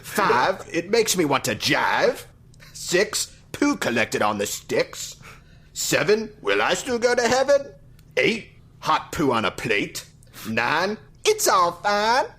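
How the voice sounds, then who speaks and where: A man putting on a husky sing-song mock Cockney. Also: high-pitched, very animated, slow pace, bright, forceful tone, voice pushed up, heavily acted. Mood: chirpy, silly. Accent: exaggerated mock Cockney. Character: chirpy mock-Cockney man reciting silly rhymes.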